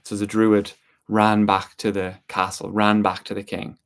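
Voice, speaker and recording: A man telling a story aloud, slow and deliberate with drawn-out pauses. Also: lowish voice, monotone. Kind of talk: spoken storytelling.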